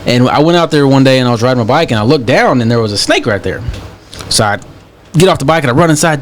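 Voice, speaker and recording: A young man from Texas, co-hosting a podcast, telling stories in a slow, relaxed way with many fillers. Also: medium pitch. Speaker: podcast co-host. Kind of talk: casual storytelling chat.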